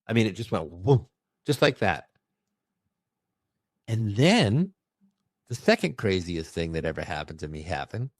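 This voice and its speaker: A man who works as a medium, telling a personal story in an expressive, emphatic way during a conversation. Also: low-pitched, no room sound, studio quality. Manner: expressive, emphatic, with bursts of fast speech. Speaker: medium recounting his experiences.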